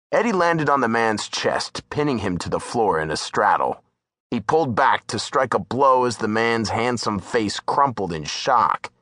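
Male narrator for a tense thriller; animated, dry, close delivery. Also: fairly low pitch, dry recording. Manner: tense, dramatic storytelling. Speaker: audiobook narrator. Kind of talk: scripted narration.

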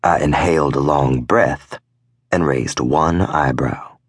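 Gruff male audiobook narrator: a very low, husky voice with slow, deliberate pacing. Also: no echo, clean studio sound. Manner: gruff, growling delivery of profane dialogue. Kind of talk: first-person audiobook narration.

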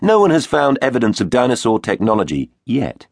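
A man's voice: mid-range voice, sing-song, a little fast, no echo. A man narrating a children's audiobook in a playful, theatrical way. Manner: theatrical, playful storytelling with big swings. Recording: dry studio booth.

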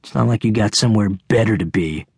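A man's voice: on the low side, fast talker, gravelly, a little mellow, breathy edge, no room sound, studio quality. A man voicing a nervous but sarcastic teenage boy who talks sullenly in an audiobook. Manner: sullen, needling. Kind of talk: audiobook character voice.

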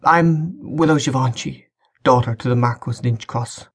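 A man's voice: medium pitch, moderate pace, slightly rough, voice pushed up. A man voicing a frightened young girl of about fourteen, a bride, timid and tearful. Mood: pleading.

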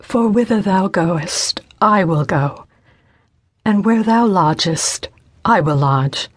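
A woman narrating a steadfast young widow speaking with earnest devotion. Her voice is slow and hushed, with a slightly husky edge. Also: mid-range voice, lively intonation, no echo, studio quality. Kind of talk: scripted audiobook narration.

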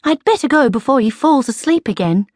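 A woman's voice: high-pitched, animated, a little fast, a little mellow, dry recording, clean studio sound, voice pushed up. A woman voicing a firm, motherly grown-up koala in a children's audiobook. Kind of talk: audiobook character voice.

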